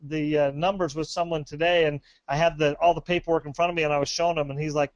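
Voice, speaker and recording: A man's voice: a little high, fairly even intonation, quick pace, dry recording, muffled recording. A man presenting a sales webinar, upbeat and rambling, with many fillers and restarts.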